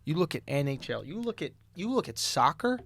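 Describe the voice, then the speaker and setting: A man's voice: a little high, big pitch swings, fairly quick, creaky, fairly bright tone. A man hosting a podcast, making his point in an emphatic, profane rant on a studio mic. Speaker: podcast host. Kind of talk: casual podcast chat.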